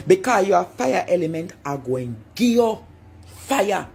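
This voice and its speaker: A woman's voice: lowish voice, a little mellow, slight background noise. A Jamaican woman in a taunting, preacher-like monologue, repeating her phrases for effect. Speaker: vlogger. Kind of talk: confrontational monologue.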